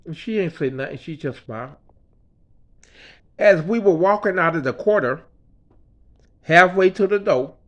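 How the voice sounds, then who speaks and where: Quiet man telling a story. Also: highs cut off. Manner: quiet, low-key, dropping to a mutter, swears freely. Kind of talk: personal story told casually.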